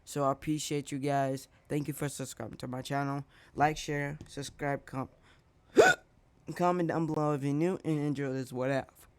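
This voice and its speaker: A man's voice: fairly high pitch, steady tone, moderate pace, smooth, dry recording. A man hosting his channel and narrating a fan story casually, rambling with slips and self-corrections.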